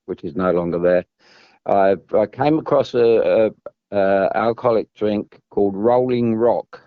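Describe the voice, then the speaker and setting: A former footballer from England, guesting on a podcast, tells long, meandering stories, restarting and repeating himself. His voice is on the low side and a little slow, in a dry recording with narrow, tinny audio.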